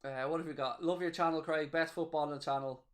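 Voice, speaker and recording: Talking fast in a fairly high voice, a man hosts a live football watchalong. He's excitable as he cheers, gloats, and reads out messages from viewers in the chat.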